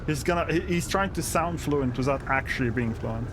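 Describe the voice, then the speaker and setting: A man's voice: medium pitch, normal speed, background noise. A man commenting live on a stream, reacting to clips with amused exasperation and stammered restarts.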